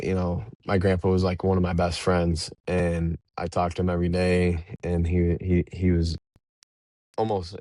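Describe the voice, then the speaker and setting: A young man with a low, deep voice tells loose, rambling stories as a podcast guest, laughing now and then between anecdotes. The sound is dry and close, with no room echo behind him. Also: a little mellow. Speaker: professional baseball pitcher, podcast guest. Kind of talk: casual interview storytelling.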